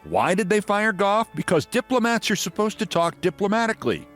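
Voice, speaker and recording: A man in his sixties delivers commentary with biting sarcasm and theatrical emphasis. His pitch swings widely as he speaks, and a faint bed of music plays beneath him. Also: sing-song, a little fast, a bit bright. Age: 60s. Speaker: host. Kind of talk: political commentary and story reading.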